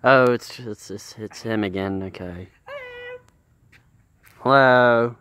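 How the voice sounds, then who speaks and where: A man filming around his house, narrating in a hushed, deadpan mock nature-documentary voice on his handheld camera. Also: on the low side, takes it slowly, smooth. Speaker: vlog host and cameraman.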